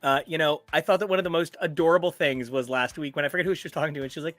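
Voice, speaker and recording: A man co-hosting a podcast in casual chat, animated and gushing, jumping up to high notes when excited. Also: racing, no room sound, soft background music. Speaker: podcast co-host.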